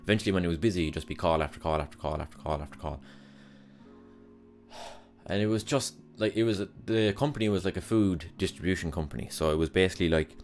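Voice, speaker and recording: A man's voice: sits low, fast, a little mellow, faint music behind. A young man hosting a podcast, telling rambling, sweary stories about his past jobs with exasperated humor. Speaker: podcast host. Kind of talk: casual solo monologue.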